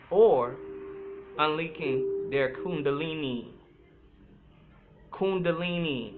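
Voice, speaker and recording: A man hosting a podcast, giving astrology advice in an animated, preachy way. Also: a little high. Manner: animated, preachy, laughs at his own points. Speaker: podcast host. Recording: phone-like sound with music behind.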